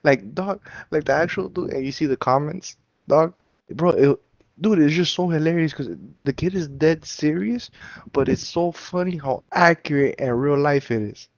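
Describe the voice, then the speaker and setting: A man's voice: fairly high pitch, moderate pace, no room sound. A young man chatting loosely during a game stream, rambling from one thought to the next in slangy speech. He often laughs as he tells his stories. The recording is dry and slightly dull. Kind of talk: casual chat.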